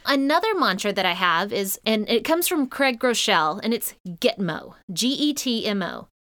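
A woman's voice: mid-range voice, very animated, moderate pace, a bit bright, dry recording, clean studio sound. A middle-aged woman hosting a leadership podcast, talking in an earnest, encouraging way with light laughs. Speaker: podcast host and leadership coach. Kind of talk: podcast monologue.

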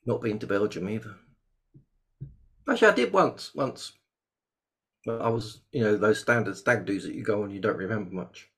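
A man's voice: fairly low pitch, normal speed, gravelly, long pauses. Host, man, jokey and chatty, video call. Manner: chatty, jokey, lively bursts of excitement. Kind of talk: casual webinar chat.

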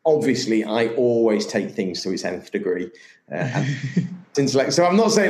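A man's voice: mid-range voice, sing-song, moderate pace, a little mellow. A man in casual conversation, candid and enthusiastic, swearing freely. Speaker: podcast guest, yoga business owner. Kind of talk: casual chat. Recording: roomy echo.

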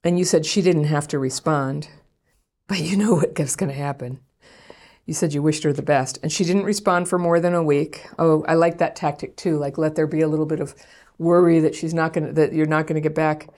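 Low-voiced woman giving frank advice. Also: steady tone, a little fast, darkish tone. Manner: frank and conversational, often laughing. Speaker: podcast host giving relationship advice. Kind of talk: advice podcast answering a listener's letter.

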